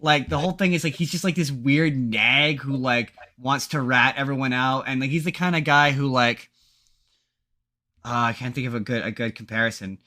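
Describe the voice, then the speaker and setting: A man's voice: mid-range voice, moderate pace, pushed and bright. A man co-hosting a podcast, chatting casually and rambling through movie plots with lots of fillers and restarts. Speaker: podcast co-host. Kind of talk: casual chat.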